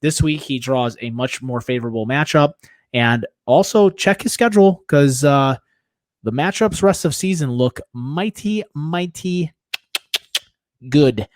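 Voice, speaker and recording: A man's voice: fairly high pitch, expressive, measured pace, no room sound. A man co-hosting a casual fantasy football show, rambling and jokingly correcting himself as he talks. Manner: rambling, self-correcting, jokey. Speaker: podcast co-host. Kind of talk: casual sports talk.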